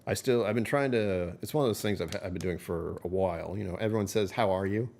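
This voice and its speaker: A man's voice: sits low, quick pace, vocal fry, darkish tone. A middle-aged man streaming live, rambling through casual chat with his viewers and chuckling often. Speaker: livestreamer.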